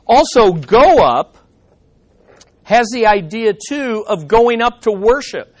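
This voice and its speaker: High-voiced man teaching a Bible study. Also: big pitch swings, moderate pace. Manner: emphatic, asks rhetorical questions then answers them.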